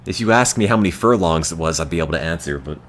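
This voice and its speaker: Deep-voiced deadpan American man. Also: very fast, slight background noise. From United States. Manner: deadpan, self-mocking. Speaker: streamer. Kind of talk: casual gameplay commentary to chat.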